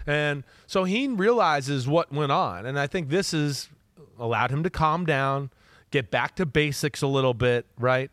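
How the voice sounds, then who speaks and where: A man's voice: fairly high pitch, normal speed, no echo. Chatty man telling football stories. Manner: animated storyteller, quotes players in his own voice, many "right?" asides. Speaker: podcast co-host and football analyst. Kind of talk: casual chat.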